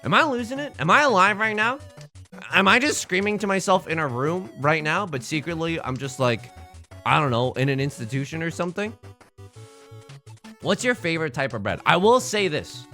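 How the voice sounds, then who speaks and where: A young man live-streaming a tile game, bantering with chat in a rambling, jokey way and swinging between shouts and mutters. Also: on the high side, animated, moderate pace, soft background music.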